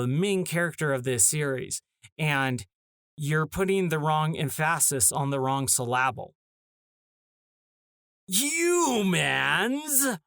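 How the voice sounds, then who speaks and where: A man's voice: fairly high pitch, fairly bright tone, no room sound, clean studio sound. A man hosting a casual talk show, ranting in an exasperated way and briefly acting out short bits of dialogue. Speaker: podcast host.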